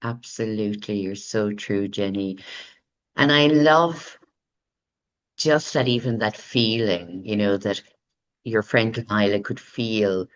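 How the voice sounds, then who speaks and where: A woman's voice: a bass voice, takes it slowly, muffled recording. A woman hosting a podcast, speaking in an affirming, reflective way. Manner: affirming, reflective, softly spoken. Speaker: podcast host. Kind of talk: warm interview chat.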